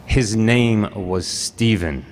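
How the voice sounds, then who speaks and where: A man's voice: lowish voice, very slow, slight background noise. A man voicing a stern reproachful mother. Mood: grave, somber. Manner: indignant, reproachful. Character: stern scolding mother, middle-aged woman.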